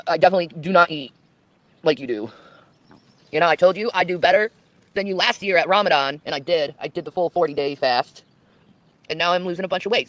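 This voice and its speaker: A woman's voice: lowish voice, a little fast, pauses often, dry recording, highs cut off. A woman livestreams from a tent with a dry, close sound. She talks casually with a boastful, mocking edge and chuckles between her jabs.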